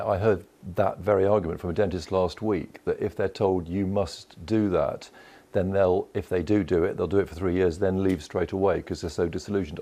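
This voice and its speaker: A man reporting as a health correspondent in a news bulletin, measured and explanatory. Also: deep voice, mellow, breathy edge. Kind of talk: news correspondent live two-way.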